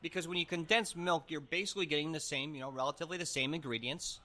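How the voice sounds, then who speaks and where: A man's voice: fairly high pitch, fast, sharp tone. A man playing a rambling, self-important humanitarian guest who stumbles over his words in an improvised comedy podcast bit.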